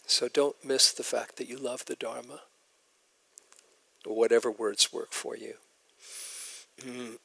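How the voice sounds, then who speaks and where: Slow, gravelly-voiced meditation teacher. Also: male voice, medium pitch, little pitch movement, no room sound. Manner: gentle, reflective storytelling. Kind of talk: dharma talk at a retreat. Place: meditation retreat hall.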